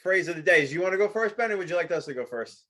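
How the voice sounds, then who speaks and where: American podcast bro, higher-ish bright voice, talks quick and laughs. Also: male voice, animated. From United States. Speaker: podcast co-host. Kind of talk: casual podcast chat.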